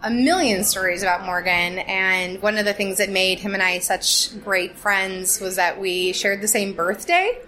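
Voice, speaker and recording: A woman's voice: medium pitch, unhurried, hardly any pauses, poor audio. A woman in her forties fondly recalling a longtime friend in a casual interview. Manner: steady, fond recollection. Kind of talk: casual reminiscing. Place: Tacoma, Washington.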